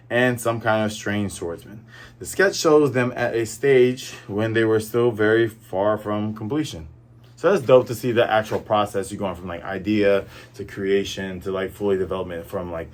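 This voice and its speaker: A young man with a fairly low pitch hosts a casual manga review. He summarizes a chapter and slips into quick, playful voices for each character's lines.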